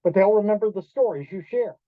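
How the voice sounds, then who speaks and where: A man giving a storytelling talk to an audience in a restaurant event room, animated, acting out quoted voices and quizzing the listeners. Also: high-pitched, brisk, no echo. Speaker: keynote speaker. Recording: dull lo-fi dry sound.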